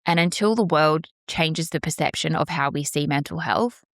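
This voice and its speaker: A woman's voice: deep voice, normal speed, no room sound, clean studio sound. A woman hosting her own podcast, talking candidly and passionately in a solo monologue. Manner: earnest, emphatic, passionate. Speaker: podcast host.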